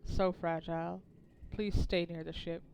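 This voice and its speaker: A woman voicing a grieving, sleepless male colonist uncle who talks slowly and somberly. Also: fairly low pitch, little pitch movement, vocal fry, a little mellow, slight background noise. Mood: pleading. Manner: slow, somber, tired.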